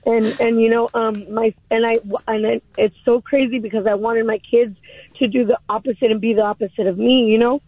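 A woman calling in to a radio show, emotional and halting, with many restarts. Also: a little high, level tone, slightly rough, no room sound. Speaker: caller. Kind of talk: call-in radio chat. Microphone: phone. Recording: tinny phone line.

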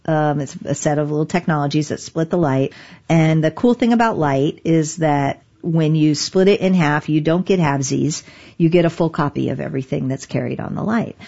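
A woman with a low voice recounts past events in an interview, her delivery animated and full of restarts. She is middle-aged. The recording sounds slightly muffled and lo-fi. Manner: animated, laughs often, many restarts. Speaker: guest, digital rights lawyer. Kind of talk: conversational interview storytelling.

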